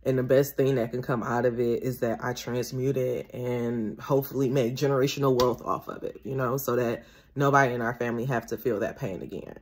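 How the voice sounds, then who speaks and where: A woman's voice: a bass voice, fairly even intonation, fairly quick, a little mellow, a little hiss or hum. Young adult woman, host, casual reflective monologue, candid and rambling, repeats phrases, voice lifts when emotional. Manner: candid, rambling, swears freely, repeats herself; emotional, voice rising as she gets worked up. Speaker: podcast host and tarot reader.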